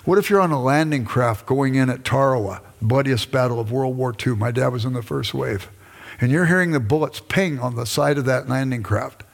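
An older man, a lecturer who used to be a pastor, speaks in a medium-pitched, creaky voice at a fairly quick clip. He gives a conversational lecture to a class and acts out snippets of dialogue with his wife along the way. The hall adds a long reverb to the recording.

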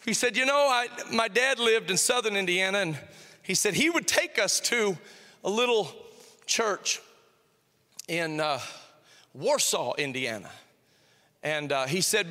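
A middle-aged man preaching as senior pastor, telling a story and acting out both sides of a conversation. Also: sits high. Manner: animated, repeats phrases, acts out both sides of a dialogue. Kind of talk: sermon with storytelling. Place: church sanctuary. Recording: long reverb of a church hall. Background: long hall reverb.

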